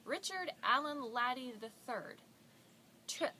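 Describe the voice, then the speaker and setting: A woman's voice: animated, takes it slowly, pushed and bright, slight background noise, full character voice. A woman doing a curious, blunt three-year-old boy. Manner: blunt, questioning, high and chirpy.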